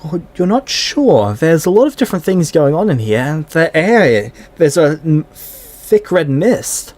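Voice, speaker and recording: A man's voice: fairly high pitch, very animated, a little slow, darkish tone. A man running a live tabletop game as game master, narrating the scene in a casual, conversational way.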